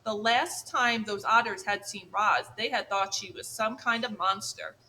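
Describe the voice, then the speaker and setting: A woman narrating a children's audiobook in a clear, measured way. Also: medium pitch, sharp tone, poor audio.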